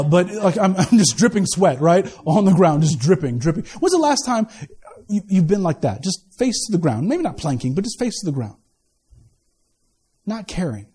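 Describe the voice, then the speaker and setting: Male pastor, high-pitched, preaching an animated sermon with humorous asides. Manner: animated preaching with asides and laughter, swinging from loud to quiet.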